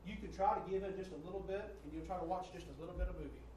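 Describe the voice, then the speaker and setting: Guy preaching a sermon, slow loud reading of quotes, echoey room with faint noise. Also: sits high. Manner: reads quotes slowly and loudly, preaching cadence. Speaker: pastor. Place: church sanctuary. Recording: echoey church from far off.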